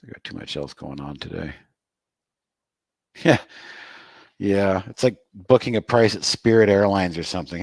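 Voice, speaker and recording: A man hosting a live trading room, talking casually about stocks with relaxed, chatty asides and light laughs. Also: deep voice, normal speed, creaky, long pauses, dry recording. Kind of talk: casual live market commentary.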